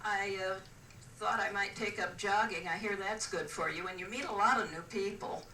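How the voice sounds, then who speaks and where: An older woman telling stand-up jokes on a cruise, her voice bright and a little sharp. She is dry and hesitant, with lots of "uh"s. She is recorded from a distance in a roomy space with faint noise behind. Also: medium pitch, normal speed. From West Coast of the US. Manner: dry, hesitant delivery with frequent "uh"s. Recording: roomy, distant mic with ambience.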